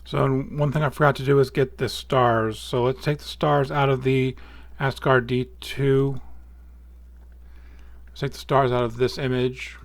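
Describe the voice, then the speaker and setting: A man talks at an ordinary middle pitch, walking through software steps in a relaxed, thinking-aloud way and catching his own small slips. His voice is picked up close and dry at a home desk, with no room sound around it. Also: a little slow, vocal fry, no room sound. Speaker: astrophotography tutorial host. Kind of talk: casual screen-recorded software walkthrough.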